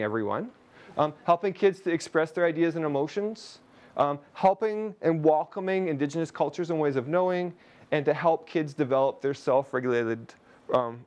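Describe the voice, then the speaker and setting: Man from canada, higher voice, educator on a webinar, chatty, joking asides. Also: darkish tone. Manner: chatty, jokey asides to the audience. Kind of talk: webinar presentation.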